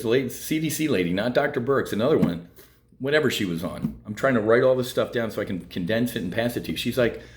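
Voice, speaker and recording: A man hosting a market update, blunt and combative, with sarcastic jabs. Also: mid-range voice. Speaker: market commentary host.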